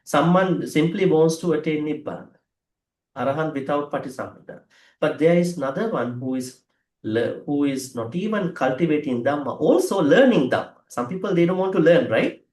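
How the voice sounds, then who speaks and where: A man, a Buddhist monk teaching an online scripture class. He explains slowly with fillers, gives blessings and chants in Pali at a quick pace. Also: on the high side, expressive, a little mellow. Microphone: video call. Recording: echoey room over a video call.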